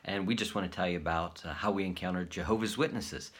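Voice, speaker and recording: A man's voice: low voice, quick pace. A man hosting his channel, casually telling a story to camera and acting out the dialogue. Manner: animated retelling, acts out quoted dialogue. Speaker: host.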